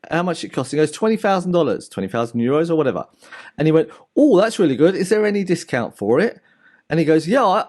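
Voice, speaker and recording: A man talks straight to his viewers in a casual commentary, his voice sitting a little high and swinging widely up and down. He is animated and chatty, and he explains ideas through everyday analogies. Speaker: crypto market commentator. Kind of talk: casual market commentary to camera.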